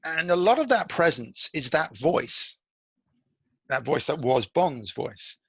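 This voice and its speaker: A man, a film critic, speaking as an interview guest in an animated, digressive way with many restarts. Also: a little high, slow, husky, no room sound, rough recording. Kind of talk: podcast interview.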